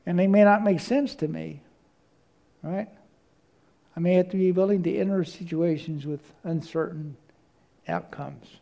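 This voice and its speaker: A male preacher with a fairly high, gravelly voice and a dark, mellow tone. He preaches by telling stories and stumbles over repeated words as he looks for what to say next. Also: unhurried, pauses often, lo-fi sound. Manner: storytelling, repeats words when searching. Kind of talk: sermon.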